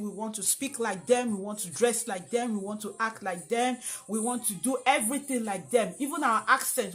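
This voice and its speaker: Girl ranting on her vlog, highish voice, lots of uhs, soft music behind. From Nigeria. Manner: chatty, thanks viewers at length, hesitant fillers. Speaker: vlogger. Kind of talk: opinion vlog to camera.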